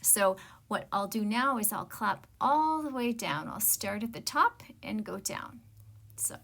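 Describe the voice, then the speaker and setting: A woman's voice: mid-range voice, normal speed, creaky, very noisy. A woman music teacher giving an online rhythm lesson, explaining patiently and counting and chanting rhythm syllables aloud.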